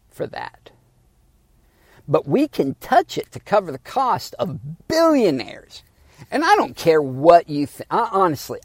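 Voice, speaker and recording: A man's voice: mid-range voice, a little mellow, no room sound. A man hosting a solo podcast in a sardonic, rambling, casual way, swearing freely, recorded on a phone in a parked car. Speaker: podcast host. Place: back seat of a parked car.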